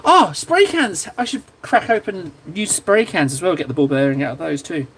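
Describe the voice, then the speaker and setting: A man's voice: fairly high pitch, animated, brisk, a little hiss or hum. A man hosting a live stream, chatting casually and self-deprecatingly while he paints miniatures, often drifting off topic. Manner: rambling, self-deprecating, easily sidetracked. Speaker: livestream host painting miniatures.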